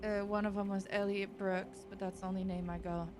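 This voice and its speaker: A woman's voice: medium pitch, level tone, a little fast. Hesitant woman deputy, noisy backdrop. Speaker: deputy in western role-play. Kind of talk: in-character role-play chat.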